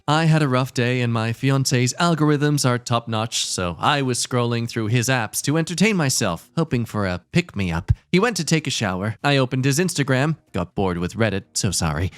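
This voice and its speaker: A man's voice: mid-range voice, no room sound. A man hosting a show, reading Reddit stories aloud and breaking off for sarcastic asides. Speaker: host.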